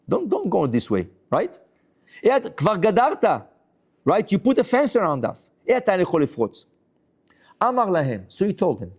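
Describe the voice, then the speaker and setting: Fast, animated rabbi teaching a class. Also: male voice, high-pitched. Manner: acts out the dialogue of the story, exclaiming and questioning; explains and restates each point for students. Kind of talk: Talmud class storytelling.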